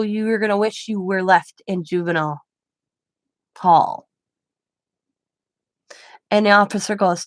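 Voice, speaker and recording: A middle-aged woman telling a story in a casual, blunt and animated way, acting out the people she quotes. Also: mid-range voice, dry recording. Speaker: crafting channel host.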